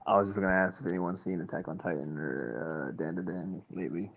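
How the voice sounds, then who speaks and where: A man's voice: deep voice, brisk, gravelly, slightly rough, lo-fi sound. A man chatting on a group call, stammering and eager with his questions. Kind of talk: casual group chat on a call.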